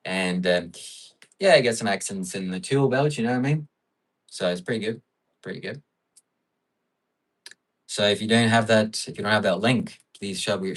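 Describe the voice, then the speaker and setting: A man's voice: fairly low pitch, distant mic, poor audio. A man hosting a livestream in casual chat, musing and rambling with frequent fillers. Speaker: livestream host.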